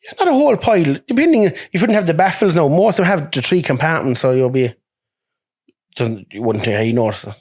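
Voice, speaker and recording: A young Irish man, a truck driver, telling lively stories in casual chat, swearing and acting out what others said. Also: fairly high pitch, quick pace, slightly rough. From Ireland. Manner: animated, swearing, acts out quoted voices with laughs.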